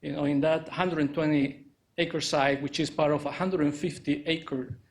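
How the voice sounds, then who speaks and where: A man presenting an architecture project at a press conference, speaking haltingly with many fillers. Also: on the high side, steady tone. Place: indoor press conference room.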